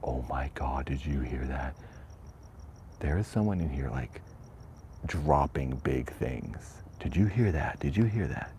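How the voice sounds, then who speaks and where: A man's voice: a bass voice, lively intonation, unhurried, a little mellow, a little hiss or hum. A man streaming a nervous night walk through a cemetery, rambling and half-whispering into a shirt mic. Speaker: vlogger. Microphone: shirt lapel mic.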